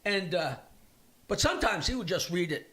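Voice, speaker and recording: Brief: older comic, high bright voice, animated storyteller. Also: male voice, normal speed. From Long Island, New York. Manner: animated joke-telling storyteller. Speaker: comedian guest. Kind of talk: casual storytelling chat.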